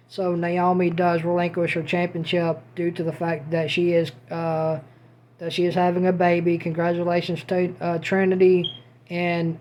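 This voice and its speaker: Flat-voiced man with repetitive talk. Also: high-pitched. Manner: repetitive, circling back over the same points. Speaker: show reviewer. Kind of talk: casual spoken recap. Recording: dull lo-fi audio.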